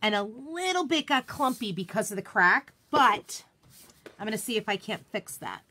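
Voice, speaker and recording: A woman hosting a relaxed live craft demonstration in a slightly high, bright, forceful voice. She is chatty and self-deprecating, greets viewers by name as she works, and laughs easily at her own mistakes. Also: normal speed, slight background noise. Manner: laughs easily and jokes about her slip-ups. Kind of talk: casual live-stream craft tutorial.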